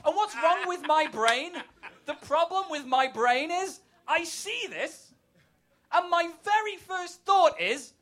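A man's voice: very high voice, animated, slow, a bit bright. An English man, a stand-up comedian, talking wryly and self-deprecatingly with profane humor. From England. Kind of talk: stand-up set and casual interview.

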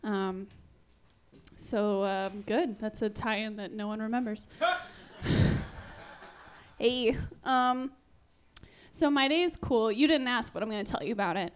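A woman's voice: fairly high pitch, measured pace, pauses often, slight background noise. Dry self-mocking woman doing stand-up. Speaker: stand-up comedian. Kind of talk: stand-up set.

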